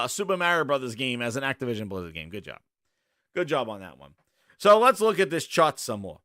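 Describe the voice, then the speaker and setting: A man's voice: high voice, sharp tone, clean tone, no room sound, studio quality. A man hosting a gaming show, ranting with sarcasm and exasperation in casual commentary.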